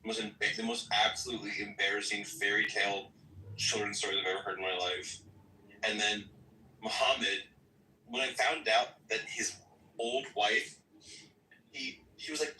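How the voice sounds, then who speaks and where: A man's voice: on the low side, normal speed, pauses often, pushed and bright. A man arguing hotly and profanely in an online voice-chat debate. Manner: heated, profane, emphatic. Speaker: debate participant. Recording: roomy, distant mic, faint noise.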